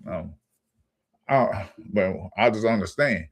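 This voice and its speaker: A low-voiced man rants about sports on his own channel. He talks in a heated, profane way, stumbling and repeating words as his anger builds. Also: expressive, slow pace. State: angry. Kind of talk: ranting sports commentary.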